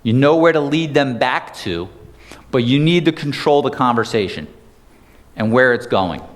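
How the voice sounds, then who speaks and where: A man's voice: medium pitch, moderate pace. Man lecturing a seminar in a reverberant hall. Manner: energetic, conversational, asks the audience questions. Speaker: sales trainer. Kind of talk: live seminar talk. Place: seminar room.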